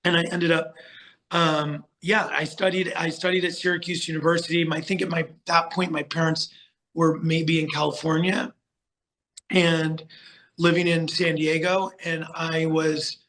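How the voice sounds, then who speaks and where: A middle-aged man tells stories as a podcast guest, rambling and animated with plenty of fillers. His voice sits a little high and sounds bright and forceful. He comes from the United States. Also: normal speed. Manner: chatty, animated storyteller with many fillers and restarts. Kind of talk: casual storytelling interview.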